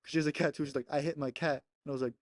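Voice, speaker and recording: A man's voice: a little high, steady tone, racing, no echo, studio quality. A young man casually telling a rambling story on a podcast, laughing often and swearing between many "like" fillers. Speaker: podcast co-host.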